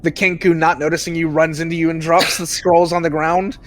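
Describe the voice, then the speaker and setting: A man narrating a tabletop game as game master, relaxed and filler-laden. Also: fairly high pitch, a little fast.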